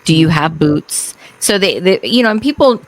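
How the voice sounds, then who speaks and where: A woman's voice: on the low side, normal speed. A middle-aged woman from Texas hosting a podcast, chatting casually and acting out quotes as she tells stories. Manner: animated storyteller acting out quotes. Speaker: podcast host. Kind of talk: casual interview conversation.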